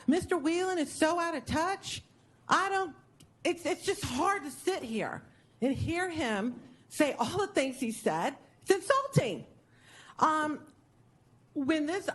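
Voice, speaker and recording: Impassioned older woman, high lively voice. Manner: impassioned, indignant, emotional. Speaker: public commenter. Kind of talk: public comment at a city board meeting.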